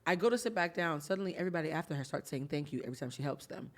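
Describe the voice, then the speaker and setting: A woman's voice: sits low, racing. A woman over forty hosting a podcast, telling stories in casual chat, laughing often and swearing freely. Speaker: podcast host.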